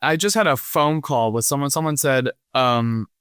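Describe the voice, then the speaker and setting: A man's voice: medium pitch, fairly bright tone, clear, resonant tone, dry recording. A young man appearing as a podcast guest in a casual chat. He teases his host and tells stories in an upbeat, joking way. His voice is recorded dry and close, with no room sound. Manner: teasing and upbeat, telling stories with quick jokes. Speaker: guest attorney.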